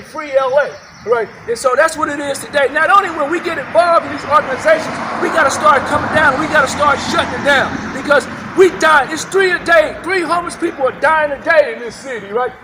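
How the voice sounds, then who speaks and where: A man giving a fiery protest speech outdoors at a rally, often shouting and repeatedly asking the crowd "right?". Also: very high voice, slight background noise. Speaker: protest speaker.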